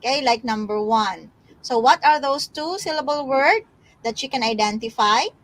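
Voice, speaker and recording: A woman's voice: fairly high pitch, lively intonation, moderate pace, a bit bright, a little hiss or hum. A woman with a Filipino accent, tutoring a live online lesson and reading out learners' names, with many fillers.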